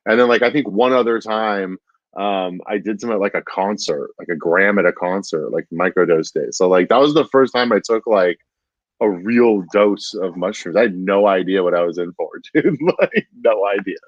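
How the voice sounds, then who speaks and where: A low-voiced man spinning a long, rambling anecdote full of "like" and "dude". The sound is dry and close, with no room to it. The recording is dull and lo-fi. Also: normal speed, dry recording. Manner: rambling, says "dude" constantly, many fillers. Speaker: stand-up comedian. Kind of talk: casual chat, storytelling.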